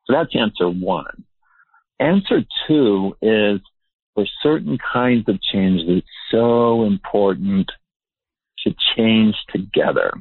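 A man's voice: lowish voice, slow pace, husky, dry recording. A male researcher, interviewed as a guest, explaining his ideas in an earnest, emphatic way. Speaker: behavior researcher. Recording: tinny phone-like line.

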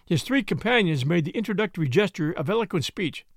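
A man reading a story aloud in an expressive, varied narration. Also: sits high, fast talker, gravelly, dry recording, clean studio sound.

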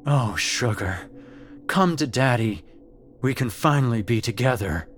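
A man voicing a loving father's baritone, coaxing his daughter to come to him. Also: expressive, measured pace, a little hiss or hum, close to an everyday voice. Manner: coaxing, tender. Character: loving fatherly male voice from possessed woman.

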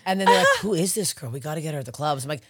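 Rapid-fire, animated woman comedian. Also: deep voice, a loud crowd. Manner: rapid, profane, animated storytelling. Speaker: guest comedian. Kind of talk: casual podcast chat.

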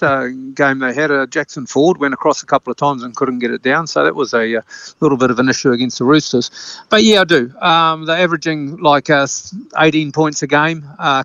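A man's voice: on the high side, a bit bright, no echo. Chatty man on a dull dry line. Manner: chatty, many fillers and restarts. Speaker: rugby league commentator guest. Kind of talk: casual radio interview.

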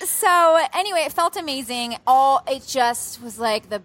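A young adult woman telling her birth story in a casual, lively way, acting out what she said back then. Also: high voice, normal speed. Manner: lively storyteller who acts out her own past outbursts.

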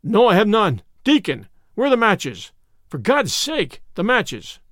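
A man's voice: sits high, wildly swooping pitch, a little slow, dry recording, clean studio sound, voice pushed up, heavily acted. A man voicing a frightened businessman desperately calling for matches. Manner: loud, desperate.

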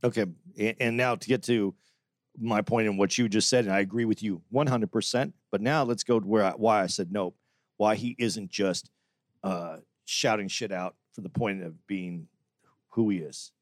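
A man's voice: lowish voice, normal speed, no echo, clean studio sound. A man co-hosting a podcast, giving long opinionated points in casual chat with frequent restarts. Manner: opinionated, talks at length with restarts. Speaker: podcast co-host.

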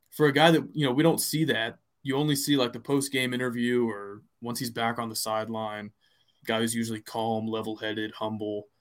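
A man at an average pitch talks sports in a loose, rambling way. He co-hosts a podcast and keeps circling back with fillers and restarts. His tone stays casual and conversational. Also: fairly bright tone. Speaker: podcast co-host.

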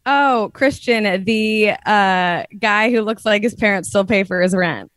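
A woman's voice: medium pitch, unhurried, a bit bright, no room sound. A woman co-hosting a casual recap podcast, chatting with lots of hesitant ums and laughs. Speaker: podcast co-host.

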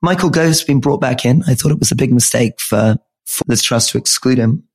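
A man co-hosting a political discussion podcast, talking in a croaky voice as he loses it, measured and listing names and facts. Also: mid-range voice. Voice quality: husky. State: croaky, losing his voice. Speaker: podcast co-host.

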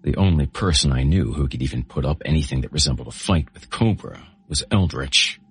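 Very deep-voiced man narrating gritty horror. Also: lively intonation, a little fast, husky. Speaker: host and narrator. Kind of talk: audiobook narration of a horror novel.

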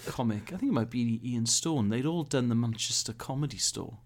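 A man's voice: mid-range voice, animated, fairly quick. A man co-hosting a live comedy podcast, out of breath and telling a jokey story. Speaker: podcast co-host.

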